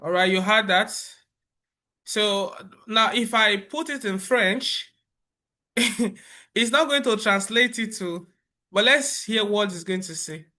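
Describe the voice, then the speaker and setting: High bright-voiced man demoing software. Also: takes it slowly, pauses often. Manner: relaxed explaining with frequent fillers and restarts. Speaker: software tutorial presenter. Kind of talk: screen-recorded software walkthrough. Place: voice-over for a screen recording.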